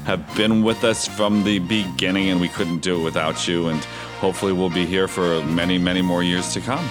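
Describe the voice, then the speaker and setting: A man's voice: low-pitched, steady tone, brisk, over music. A man co-hosting a podcast in a casual, teasing manner. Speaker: podcast co-host. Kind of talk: casual chat.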